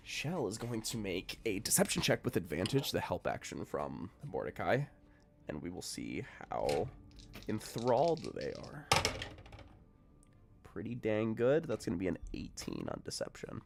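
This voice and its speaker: A man's voice: fairly low pitch, sing-song, a little slow, gravelly. A man narrating as game master of a tabletop game, rambling and hesitant.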